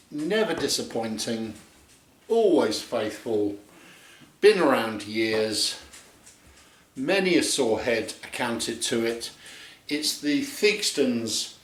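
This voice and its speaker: A man hosting a casual review vlog, talking to the camera in a chatty, jokey way. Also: medium pitch. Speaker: beer reviewer, channel host. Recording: echoey room.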